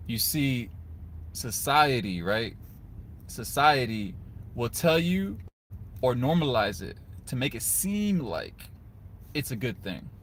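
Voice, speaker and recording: A man's voice: medium pitch, big pitch swings, takes it slowly, pauses often, fairly bright tone, a little hiss or hum. Earnest man giving advice to camera. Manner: earnest, conversational, repeats "guys" and "right?". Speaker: video host giving advice to men. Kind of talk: casual motivational talk to camera.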